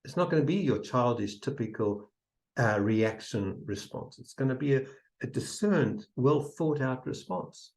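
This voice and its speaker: A man giving a motivational seminar talk, emphatic and repetitive, sometimes dropping to a soft near-whisper to demonstrate. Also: mid-range voice, lively intonation, a little slow, vocal fry, rough recording. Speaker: seminar speaker.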